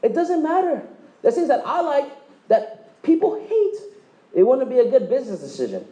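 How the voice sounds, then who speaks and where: A man with a high, bouncy voice pitches a business to a live crowd, cracking jokes and firing questions at the room. His tone is mellow and dark-edged rather than sharp. The sound is echoey, as in a meeting room. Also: very animated, muffled recording. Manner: joking, quizzes the audience, acts out quick dialogues. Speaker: presenter at a direct-sales meeting. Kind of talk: motivational sales presentation.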